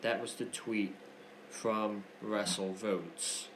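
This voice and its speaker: A man's voice: lowish voice, fairly even intonation, slow. A man hosting a wrestling news show, commenting in a heated, opinionated way and repeating himself for emphasis. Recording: echoey room with faint noise.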